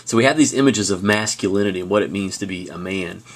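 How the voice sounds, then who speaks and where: A man with a notably deep, low voice delivers a relaxed classroom video lecture. He talks in a loose, storytelling way, full of fillers and restarts. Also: quick pace, a little hiss or hum. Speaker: high school teacher.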